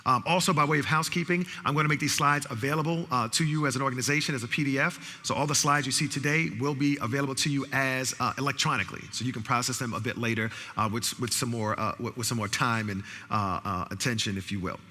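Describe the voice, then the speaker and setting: A man's voice: mid-range voice, fairly even intonation, fast talker, few pauses, pushed and bright. A man who is a college professor giving an interactive training talk to a conference audience, calling for responses and repeating phrases to rally the crowd. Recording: long hall reverb.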